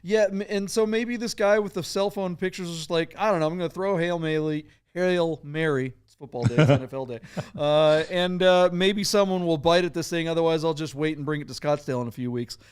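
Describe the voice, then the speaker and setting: A middle-aged man co-hosting a podcast, chatty and animated in casual talk. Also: on the high side, a little fast, hardly any pauses, smooth. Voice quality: chatty, animated, laughs easily. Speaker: podcast co-host. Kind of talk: casual chat.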